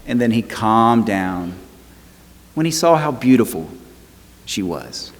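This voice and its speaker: A male pastor preaching a sermon, telling a story in a measured way and stressing words by repeating them. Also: medium pitch, sing-song. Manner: storytelling, slow and measured with emphatic repetition. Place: church sanctuary. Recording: long church reverb.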